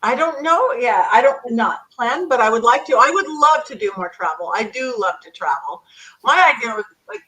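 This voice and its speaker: Bright, husky-voiced chatty woman. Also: on the high side, normal speed, rough recording. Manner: chatty, animated, acts out commands to spirits. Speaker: psychic medium guest. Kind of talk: casual interview chat.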